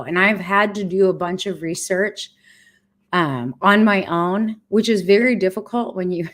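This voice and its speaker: A middle-aged woman giving a candid personal update in a vlog from home, frank and emotional, with casual swearing. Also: lowish voice. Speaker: vlogger sharing a cancer journey.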